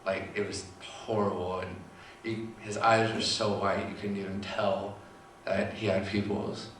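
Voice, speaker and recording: A young man telling a personal story in a halting, quiet way with long pauses. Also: lowish voice, little pitch movement, slight background noise. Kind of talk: personal testimony. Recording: echoey room from far off.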